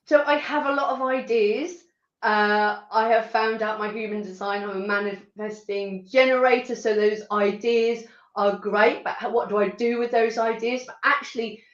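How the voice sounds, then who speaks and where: Woman guest with a Suffolk twang, chatty, laughs easily, slightly high voice on a dull, roomy call line. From rural Suffolk, England. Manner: chatty, laughs often, halting restarts. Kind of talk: casual interview chat.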